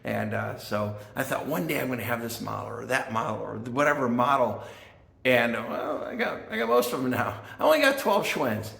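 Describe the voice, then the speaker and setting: A man's voice: medium pitch, moderate pace, gravelly, a bit bright. An older man from the Chicago area hosting a casual vlog about his vintage bicycle collection, chatty and self-deprecating, with fillers and asides. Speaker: vintage bike collector and channel host. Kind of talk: casual show-and-tell vlog. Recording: echoey room with faint guitar music.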